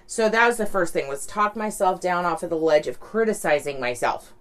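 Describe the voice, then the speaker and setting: Woman, low voice, casual reflective monologue, rambling, candid. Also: lively intonation, a little fast. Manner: candid, rambling, frequent "right?" and "like".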